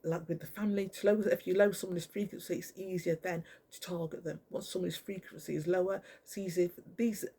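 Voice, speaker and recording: Husky, gravelly ranter. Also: mid-range voice, fairly even intonation, quick pace, hardly any pauses, warm tone. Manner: angry, profane, rambling. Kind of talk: ranting monologue to camera.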